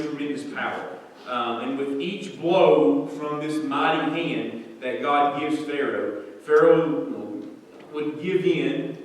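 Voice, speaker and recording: Man, church Bible teacher, asks the room questions, lots of "um", distant mic, long hall reverb, faint background noise. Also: mid-range voice. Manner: conversational, asks the congregation questions, frequent "um" and "okay?".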